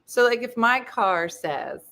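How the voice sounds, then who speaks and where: A woman hosting a show, telling a comic story in a casual, animated way and acting out the voices of the people in it. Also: a little high, takes it slowly, gravelly. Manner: animated, acts out quoted voices. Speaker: host.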